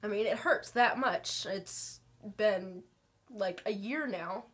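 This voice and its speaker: A young woman talking to her camera in her bedroom, telling an emotional story slowly and haltingly while fighting back tears. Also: mid-range voice, fairly bright tone. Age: young adult. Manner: halting, slow, many pauses and fillers. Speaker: vlogger.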